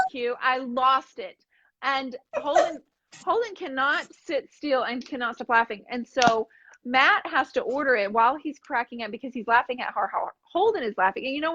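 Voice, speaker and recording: A woman co-hosting a live DIY painting show, telling a funny story with animated acted-out voices. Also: high voice, normal speed, highs cut off, a little hiss or hum. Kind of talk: casual chat while painting furniture.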